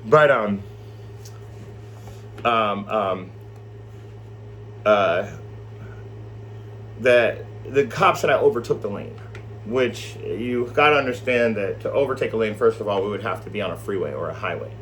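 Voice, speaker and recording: A man teaching scripture in a loose, animated way, rambling and swearing as he tells a story. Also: fairly low pitch, measured pace, long pauses, a little hiss or hum. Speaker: Bible study teacher.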